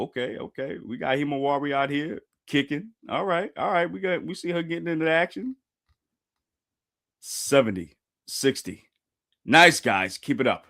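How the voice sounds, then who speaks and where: A man talking straight to his stream viewers as he reacts to a new chapter. He chats in casual slang and keeps breaking into loud, repeated exclamations. His voice is very animated and swoops up and down constantly. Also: medium pitch. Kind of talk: live reaction commentary.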